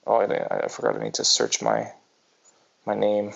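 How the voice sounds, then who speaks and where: A man's voice: on the low side, very animated, normal speed, creaky. A man co-hosting a casual sports podcast, rambling and ranting with frequent restarts. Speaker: podcast co-host. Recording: dull lo-fi podcast audio.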